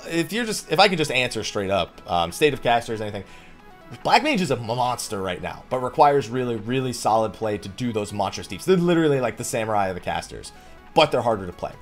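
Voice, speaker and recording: A man hosting a casual Q&A, reading viewer questions aloud and answering bluntly with jokes. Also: medium pitch. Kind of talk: casual Q&A chat about a video game.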